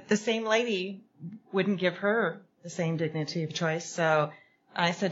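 A woman's voice: on the low side, little pitch movement, a little slow, husky. A woman sharing a personal story at a recovery meeting, plain and reflective. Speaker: meeting participant. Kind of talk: personal share. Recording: dull lo-fi recording.

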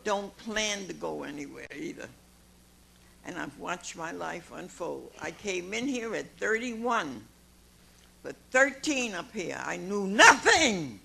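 A woman's voice: on the low side, animated, slow, gravelly, fairly bright tone, rough recording. A woman in her nineties giving a folksy personal testimony to a meeting audience, calling listeners honey and laughing often. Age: 90s. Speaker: recovery meeting speaker. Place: meeting room before an audience.

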